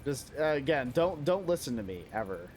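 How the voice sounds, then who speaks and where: A man's voice: mid-range voice, very animated, brisk, background noise. Rambling, foul-mouthed young male streamer. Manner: rambling, self-deprecating, profane. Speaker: game streamer. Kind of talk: casual live-stream chat while gaming.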